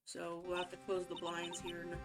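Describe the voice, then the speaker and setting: A woman's voice: fairly low pitch, monotone, moderate pace, over loud music. Chatty woman streaming a game. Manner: rambling, chatty. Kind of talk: casual chat while streaming a game.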